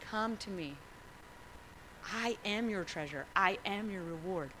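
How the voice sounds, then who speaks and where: Jesus the eager gentle guide, a woman doing a bright, hushed voice in a sermon. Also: on the high side, a little fast, slight background noise, natural voice. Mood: tender. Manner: hushed, eager, pointing things out.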